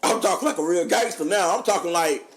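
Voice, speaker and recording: A man, a podcast co-host telling funny stories in casual chat, animated and laughing often. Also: quick pace. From North Carolina. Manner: animated, laughing often, drops low for quoted voices. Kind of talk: casual storytelling.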